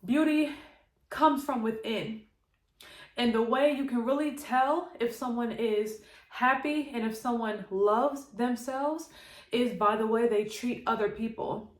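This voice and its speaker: A young woman talks straight to her camera in a personal vlog, her voice sitting a little high. She speaks very slowly and hesitantly, pausing often with sighs and small laughs. The room around her sounds echoey. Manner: emotional, hesitant, sighing and laughing between thoughts. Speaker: vlogger.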